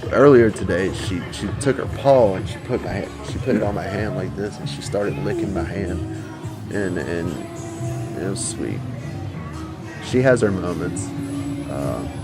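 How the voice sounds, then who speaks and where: Male streamer, low voice, lively swings in pitch, cursing a lot, music behind him. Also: a little slow. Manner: rambling, profane, talks back to viewers. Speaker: livestreamer. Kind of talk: casual livestream chat.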